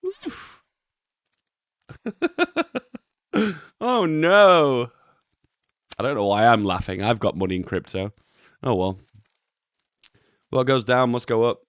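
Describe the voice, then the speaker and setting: A young man, a YouTube host giving relaxed, chuckling commentary on memes and swearing offhandedly. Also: lowish voice, dry recording, studio quality. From England. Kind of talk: casual commentary.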